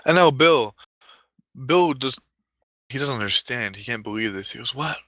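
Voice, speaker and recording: A man's voice: medium pitch, lively intonation, normal speed, bright, forceful tone, no echo, poor audio. A man narrating a mock-epic comedic story in a rambling, mock-solemn way, often correcting himself.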